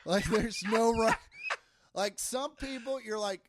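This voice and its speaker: A man's voice: very high-pitched, slow pace, heavy background noise. A man from the Kansas City area, a comedian guest on a podcast, swearing and laughing through casual chat. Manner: loud and laughing, swears often, acts out quotes.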